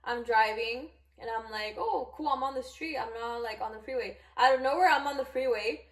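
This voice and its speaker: A young woman vlogger telling a storytime in a chatty, animated way, filling her talk with "like". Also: on the high side, fairly quick, roomy sound. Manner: chatty, animated, heavy use of "like". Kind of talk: casual storytime.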